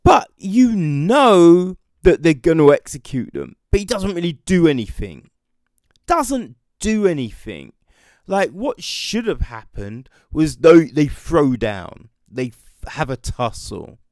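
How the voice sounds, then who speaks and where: A man's voice: fairly high pitch, sing-song, slow pace, a little mellow, dry recording, clean studio sound. A man with a British accent giving a casual, sarcastic rant about a TV show, swearing freely. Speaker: TV show reviewer. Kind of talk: casual ranting commentary.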